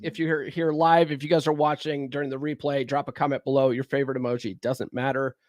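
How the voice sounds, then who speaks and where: A man's voice: medium pitch, level tone, brisk, a little mellow, no echo, studio quality. A man hosting a casual livestream, rambling and conversational, recovering from a cold. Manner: rambling, conversational, frequent fillers and restarts. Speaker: livestream host.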